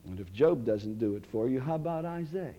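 Dramatic preacher man with a lively voice. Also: mid-range voice, a little fast, highs cut off. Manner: dramatic, swings from loud cries to near-whisper. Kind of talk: sermon.

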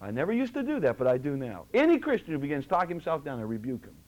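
A man preaching a sermon as pastor, impassioned, swinging from loud exhortation to hushed, low tones. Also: huge pitch swings, rapid-fire, dull audio.

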